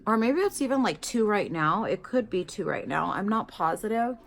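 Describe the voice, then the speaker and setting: A woman vlogger with a mid-range voice and vocal fry chats at normal speed while doing her makeup. She tells a story animatedly, acting out the people in it and filling her speech with "like" and "you guys."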